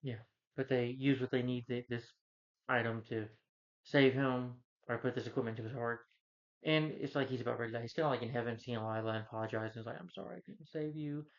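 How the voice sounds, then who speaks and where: A man's voice: medium pitch, fairly even intonation, fast talker. A man talks through a movie's plot from home in a casual, meandering recap. He fills the gaps with "you know" and often restarts his sentences. His mid-range voice comes through a dull, lo-fi recording. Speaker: movie reviewer. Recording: dull lo-fi sound.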